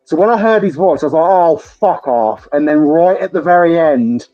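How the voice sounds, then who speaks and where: A British man hosting a podcast, chatting excitably with lots of laughter and swearing. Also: a little high, fairly quick, highs cut off, soft background music. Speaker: podcast host. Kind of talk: casual chat.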